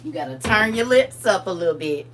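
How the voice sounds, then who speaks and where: Woman livestream host, casual storytelling, animated and blunt delivery. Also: medium pitch, a little fast. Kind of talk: casual storytelling to a live chat.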